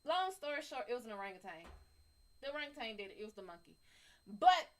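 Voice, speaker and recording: A woman's voice: fairly high pitch, fast. A woman hosting a live psychic reading, talking casually, swearing freely and laughing between stories. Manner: animated, profane, laughing. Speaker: psychic reader, live stream host.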